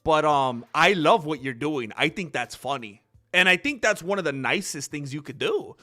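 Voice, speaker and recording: A male host rambles through stories on a casual livestream, often breaking into laughter. His voice sits a bit high and swings widely as he talks. He stops now and then to read chat aloud. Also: normal speed. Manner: animated storyteller who laughs often and reads chat. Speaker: channel host.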